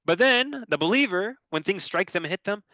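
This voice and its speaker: A man giving a religious lesson, reciting short Arabic verses and explaining them in English with lively shifts. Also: high-pitched, dry recording. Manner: animated, quickly switching between recited Arabic and English explanation. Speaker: Islamic teacher presenting on Quran structure. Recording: dry, dull lo-fi recording.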